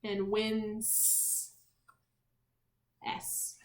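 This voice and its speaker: A woman teacher talks young children through a spelling lesson, spelling out every letter and sound. She speaks slowly and clearly at a medium pitch and keeps asking the class questions. The room around her has a noticeable echo. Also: fairly bright tone. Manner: encouraging, asks questions to the class.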